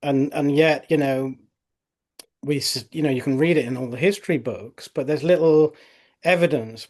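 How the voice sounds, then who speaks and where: A middle-aged male osteopath recounting patient cases in a relaxed podcast conversation, full of fillers like "you know". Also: medium pitch. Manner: conversational storytelling with frequent fillers.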